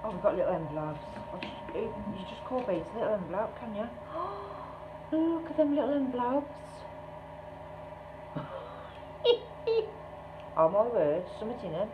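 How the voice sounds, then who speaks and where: A woman's voice: mid-range voice, expressive, quick pace, hardly any pauses. A woman chatting casually as she unboxes a parcel on her craft channel, gushing and exclaiming often. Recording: tinny, echoey, noisy room sound.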